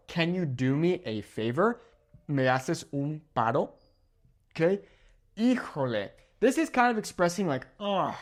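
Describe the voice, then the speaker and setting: A man teaching Spanish phrases in a casual lesson, slowing down for examples and checking in with "okay?" after each one. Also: a little high, sing-song. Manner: slow, careful when saying example phrases.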